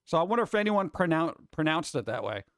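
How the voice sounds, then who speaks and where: A man's voice: fairly high pitch, big pitch swings, fast, a bit bright, no room sound, clean studio sound. Rambling, joking man streamer. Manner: rambling, jokey, muttering asides. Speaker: streamer host reading chat. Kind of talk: casual live-stream chat.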